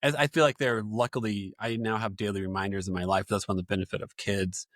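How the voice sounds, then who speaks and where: A quick-talking man hosting a podcast in easy, casual conversation. His pitch sits mid-range as he muses aloud, chatty and rapid. The sound is dry and close. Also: steady tone, a bit bright, dry recording. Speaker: podcast host. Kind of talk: casual chat.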